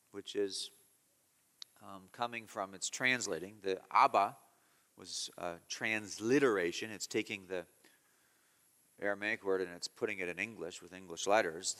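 A male pastor preaching a sermon, explaining calmly and then pressing points with loud emphasis. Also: long reverb tail. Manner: teaching tone, swings from low explaining to loud emphatic scolding.

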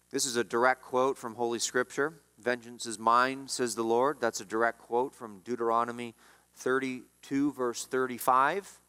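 A man preaching a sermon as pastor, emphatic, his voice swinging between loud rises and quiet drops. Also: clean tone, in a large hall. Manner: emphatic preaching, rising and dropping in pitch and volume.

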